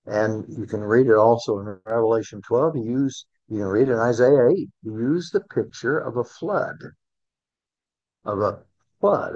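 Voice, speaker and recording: A man teaching a Bible class in a conversational way, asking his listeners questions and rising in pitch to stress key words. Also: darkish tone, lo-fi sound.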